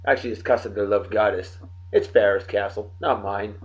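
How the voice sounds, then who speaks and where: A man hosting a daily beer and song show from home, rambling and joking as he gives birthday shout-outs to friends. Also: lowish voice, fairly even intonation, fairly quick, highs cut off. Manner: rambling, jokey, talks straight to friends. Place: home in Texas.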